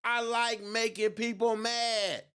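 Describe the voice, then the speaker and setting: A man's voice: extremely high pitch, little pitch movement, slow, bright, forceful tone, clean tone. A man hosting a political livestream, talking in a gloating, mocking way and laughing often. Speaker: livestream host. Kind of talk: election night livestream commentary.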